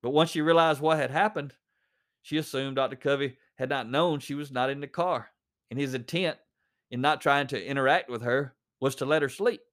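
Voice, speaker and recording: A man with a middle-pitched voice reads a story aloud, then talks it through conversationally. He mixes plain reading with casual asides and fillers. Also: normal speed, fairly bright tone. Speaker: reader and commentator.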